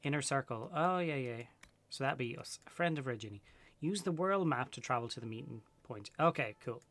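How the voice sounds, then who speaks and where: A young man streaming a game and talking casually to chat, excitable and swearing freely in his asides. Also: mid-range voice, fairly quick. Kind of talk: casual gameplay commentary.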